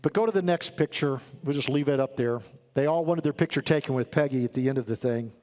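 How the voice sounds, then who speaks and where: A man's voice: mid-range voice, quick pace, darkish tone. A man preaching a sermon as a pastor in church, telling a story earnestly and building to emphatic peaks. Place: church sanctuary.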